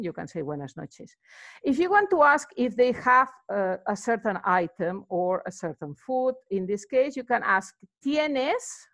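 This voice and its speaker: A middle-aged woman, teaching a relaxed video lesson in a chatty way, with many fillers and words repeated slowly for practice. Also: a little high. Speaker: Spanish teacher.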